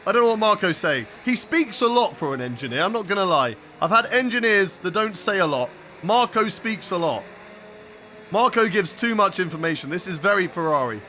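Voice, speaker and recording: Chatting to his viewers mid-race, a young man gives live commentary on a racing game, game engine sounds faint in the background. He sounds high-pitched, sing-song and sharp, talking a little fast, with a little hiss or hum on the audio.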